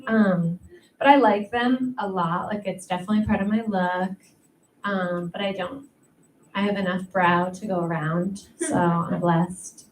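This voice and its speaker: A woman's voice: mid-range voice, steady tone, normal speed. A young adult woman doing a stand-up comedy set, self-deprecating and chatty, with lots of "um" and "like.". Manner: chatty, self-deprecating, many ums and likes. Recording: echoey room, mic at a distance, faint noise.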